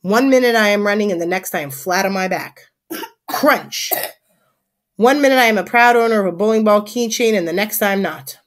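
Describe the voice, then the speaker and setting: A woman teacher reading a children's chapter book aloud to her class in an expressive, animated way. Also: mid-range voice, quick pace.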